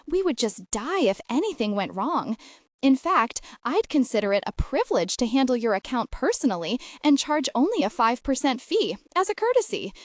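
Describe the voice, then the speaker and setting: A woman's voice: high voice, dry recording, clean studio sound. A woman voicing a scheming middle-aged businesswoman who puts on a sugary fake Southern accent and fake sincerity. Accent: put-on Southern American. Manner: syrupy, fake-sincere, breathless.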